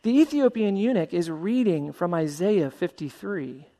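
Pastor, male, high voice, lively sermon delivery with a long hall echo. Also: unhurried. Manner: animated, acts out voices of story characters.

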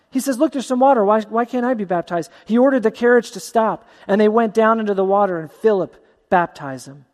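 Pastor, male, high voice, lively sermon delivery with a long hall echo. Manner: animated, acts out voices of story characters.

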